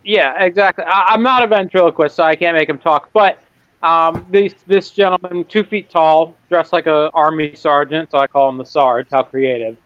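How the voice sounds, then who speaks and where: A man's voice: a little high, fairly even intonation, normal speed, a bit bright, dry recording, lo-fi sound. A man co-hosting a casual sports podcast, rambling and correcting himself with wry asides.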